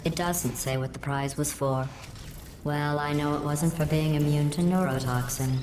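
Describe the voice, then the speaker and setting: A deadpan, mocking game AI, low and robotic, echoey, with hum behind. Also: female voice, normal speed. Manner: deadpan, mocking, coldly polite. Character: sarcastic, cruel female AI computer. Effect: synthetic robotic voice filter. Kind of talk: video game voice acting.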